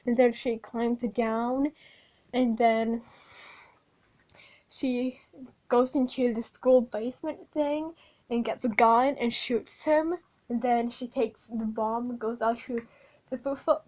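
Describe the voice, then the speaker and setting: A woman with a high voice recaps a story in a loose, rambling way, swearing now and then and leaning on fillers. She talks slowly and informally as commentary over a speedpaint. Her delivery is unpolished and chatty. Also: a little mellow, poor audio. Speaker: video creator.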